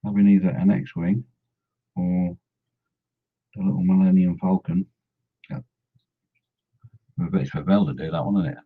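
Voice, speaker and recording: A man paints miniatures while chatting casually, rambling and humming and mumbling to himself as he works. His husky, low voice keeps a steady tone, unhurried and with long pauses, in a dull lo-fi recording.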